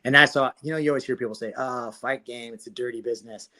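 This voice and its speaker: A man in his forties talks fast as a guest on a podcast. He looks back on his fighting career and acts out both sides of old conversations, swearing freely as he goes. His voice sits at an ordinary middle pitch. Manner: profane, animated retelling with quoted dialogue. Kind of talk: casual interview storytelling.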